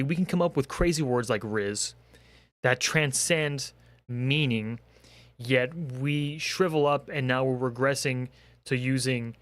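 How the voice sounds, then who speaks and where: A man's voice: mid-range voice, dry recording. Profane ranting young man, dry sound. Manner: exasperated, profane, ranting with rhetorical questions. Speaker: commentary creator. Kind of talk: comedic rant.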